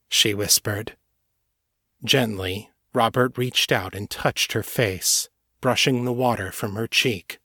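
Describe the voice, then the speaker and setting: Man, audiobook narrator, slow, measured, dry close sound. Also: on the low side, sharp tone, husky, dry recording. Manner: measured, unhurried reading. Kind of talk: scripted fiction narration.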